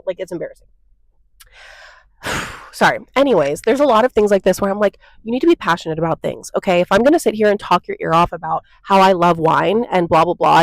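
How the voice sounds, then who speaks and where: A young woman vlogger with a lowish, vocal-fry voice rants bluntly into her phone for a casual opinion video to camera. She sounds exasperated and keeps saying "like" and "okay?", and the rough recording has no echo.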